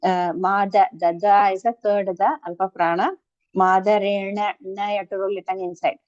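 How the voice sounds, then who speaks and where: A woman's voice: medium pitch, flat delivery, moderate pace, darkish tone, dry recording. A woman teaching chanting pronunciation online, patiently repeating and breaking each syllable down. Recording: dull, dry call audio.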